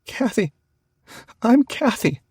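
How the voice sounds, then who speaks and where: A man's voice: extremely high pitch, very animated, slow, a little mellow, breathy edge, dry recording, clean studio sound, voice pushed up, full character voice. A man voicing a scared but stubborn little girl who insists and questions in an audiobook. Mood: timid. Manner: blunt, insistent.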